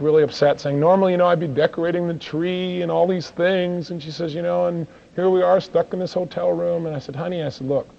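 A man telling a personal story in a motivational talk, acting out the dialogue with lively energy. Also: a little high. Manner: animated, acts out dialogue in his stories. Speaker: seminar speaker. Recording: dull lo-fi recording.

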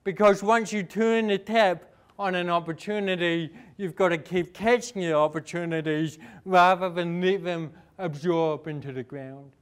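Fast-talking New Zealand man, motivational speaker. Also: high voice, steady tone, clear, resonant tone. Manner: fast-talking, rising and falling for emphasis, asks the audience questions. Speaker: inspirational speaker. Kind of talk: motivational speech.

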